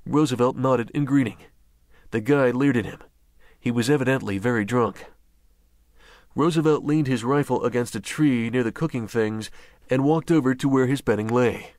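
Male audiobook narrator, measured and even, mid-pitched, very dry close-mic read. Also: no echo. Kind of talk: scripted narration.

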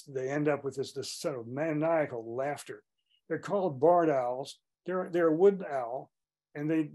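A man's voice: mid-range voice, dark tone. An older man giving an informal talk on backyard birds, rambling and often restarting his sentences. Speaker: bird talk presenter.

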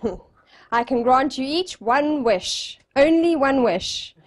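A woman's voice: high voice, lively intonation, takes it slowly, full character voice. A woman voicing a solemn male genie who grants wishes in a joke she tells.

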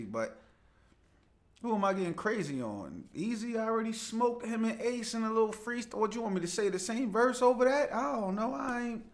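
A young man hosting a casual live show, chatting loosely, greeting viewers by name and laughing easily as he reads their comments. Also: high-pitched. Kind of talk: casual livestream chat reading viewer comments.

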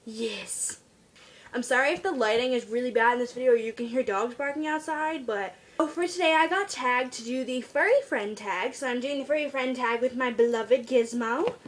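A teenage girl chatting casually on her vlog about her pet at home, rambling and trailing off into quiet asides. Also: a little high, moderate pace. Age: teens. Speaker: vlogger.

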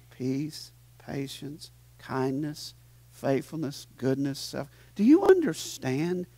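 A man preaching a sermon as pastor in a church, animated and teasing his congregation, swinging from hushed to loud. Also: fairly high pitch, no room sound. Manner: playful, teases the audience.

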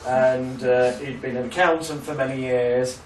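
A man's voice: mid-range voice, steady tone, measured pace, echoey room, recorded from a distance, a little hiss or hum, poor audio. A man teaching a hypnotherapy class in a loose, chatty storytelling way, swearing freely and laughing at his own stories. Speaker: hypnotherapy trainer. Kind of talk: casual storytelling lecture.

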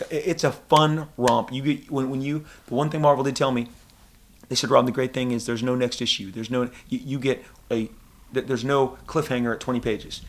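Middle-aged man, comic creator being interviewed, animated and excitable, slips into goofy voices for quotes. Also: mid-range voice, slight background noise. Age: 40s. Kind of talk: animated casual interview talk. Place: convention interview room.

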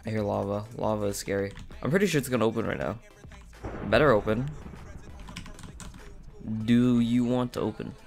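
Man, low voice, excitable gameplay commentary, chatty with viewers, soft music behind. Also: moderate pace, gravelly, pauses often. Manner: excitable, talks to viewers, frequent outbursts. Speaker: gaming channel host.

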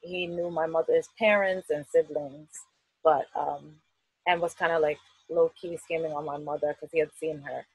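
Guest, woman, Queens accent, lowish husky voice, dry close sound, easygoing and talkative. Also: steady tone, normal speed, dry recording, low-quality recording. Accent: New York, Queens. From United States. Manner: chatty, laughs often, many fillers. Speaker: festival artist guest. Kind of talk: casual interview.

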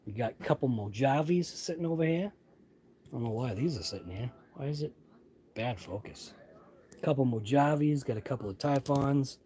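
Chatty Massachusetts guy, mid-pitched and non-rhotic, giving a rambling handheld walkthrough of a store with faint background hum. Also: lively intonation, moderate pace, dark tone. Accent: Boston-area Massachusetts, non-rhotic. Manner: rambling, chatty, muttered asides, drops his R's. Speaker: channel host. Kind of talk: live walkthrough vlog. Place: indoors in a large hobby shop.

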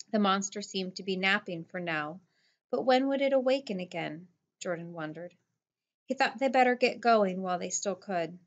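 A woman narrating a novel in a steady, plain storytelling voice. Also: medium pitch. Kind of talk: audiobook narration.

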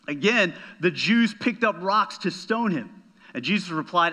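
A man's voice: sits high, expressive, unhurried, pushed and bright. A man preaching a sermon as a pastor, emphatic, often checking in with "right?" and repeating words as he goes.

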